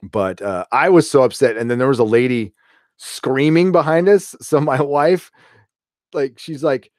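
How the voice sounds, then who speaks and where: A man's voice: a little high, unhurried, no room sound. Profane, rambling man in a dry room. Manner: rambling, profane, laughs at own stories. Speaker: host reading live chat. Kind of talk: casual live-stream chat.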